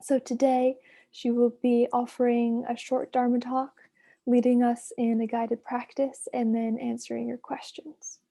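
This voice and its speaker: A woman hosting an online session, introducing the guest teacher in an even, read-from-notes way. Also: a little high, unhurried, vocal fry. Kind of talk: scripted introduction. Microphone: online video call.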